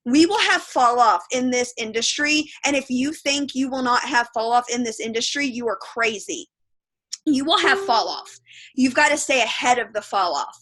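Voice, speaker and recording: A woman's voice: a little high, fairly bright tone. A woman leading her sales team on a video call, giving a blunt, emphatic motivational talk.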